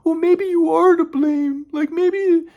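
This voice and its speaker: A man voicing a doubting, accusing young pregnant woman in a high, drawn-out, whiny tone. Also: fairly even intonation, lo-fi sound, heavily acted.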